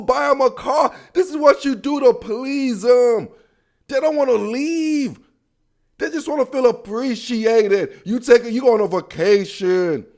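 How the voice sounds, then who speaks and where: A man's voice: very high-pitched, darkish tone. A young man hosting a football podcast, talking casually in a playful, slangy way straight to his listeners. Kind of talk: casual sports commentary.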